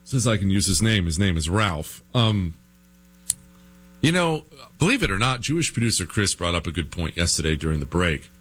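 A man's voice: deep voice, very animated, moderate pace, a bit bright, breathy edge. A man hosting a political talk show, delivering a combative, sarcastic monologue and hammering his points home with repetition.

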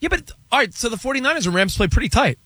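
A man co-hosting a sports radio show, chatting in an animated, excitable way and running through a team's schedule. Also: very high voice, very fast, dry recording. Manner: animated, jumps between excited bursts and asides. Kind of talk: casual sports talk banter.

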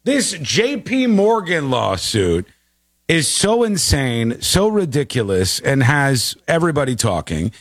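A man's voice: mid-range voice, very animated, measured pace, dry recording, studio quality. A man hosting a casual commentary show, talking in an incredulous, joking way. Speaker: show host.

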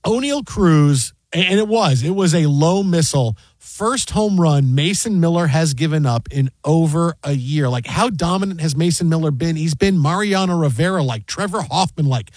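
A male sports talk host with a fairly high voice tells long, rambling stories in a casual, animated way. He sometimes drops into mock play-by-play. The sound is dry and close, with no room echo. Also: normal speed, hardly any pauses. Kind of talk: casual sports radio chat.

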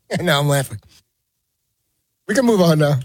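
A man's voice: a little high, lively intonation, normal speed, no room sound, studio quality. A man co-hosting a sports radio show, joking in casual banter. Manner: joking, laughs easily. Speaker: radio co-host.

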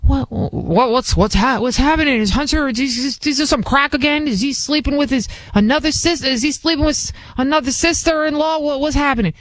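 A woman's voice: sits high, a little fast, hardly any pauses, dry recording, voice pushed up, lightly acted. A woman putting on the voice of a confused elderly male politician just woken from a nap, stammering and repeating his questions. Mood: bewildered.

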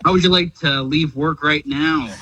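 A man's voice: a little high, fairly even intonation, moderate pace, noisy background. A man on a phone call talking in cheesy game-show-host patter. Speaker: caller.

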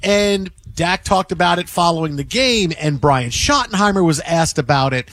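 A man's voice: high-pitched, expressive, moderate pace, a bit bright. A man hosting a sports talk radio show, ranting emphatically and repeating himself for effect.

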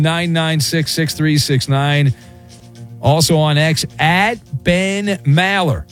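A man's voice: on the high side, takes it slowly, soft background music. A middle-aged man hosting a late-night sports talk radio show, rambling and joking with self-mocking asides. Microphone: studio microphone.

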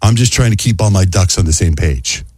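A man hosting a morning radio show, telling chatty stories and doing animated voices when he quotes people. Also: low-pitched, fairly quick, slightly rough, no echo. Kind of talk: casual morning radio banter. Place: radio studio.

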